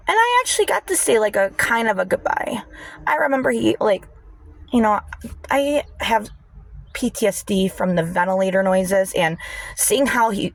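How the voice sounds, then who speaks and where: A woman's voice: medium pitch, creaky. A young woman telling a painful personal story to the camera, emotional and fighting back tears, with many fillers. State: tearful. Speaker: vlogger. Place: indoors, people nearby.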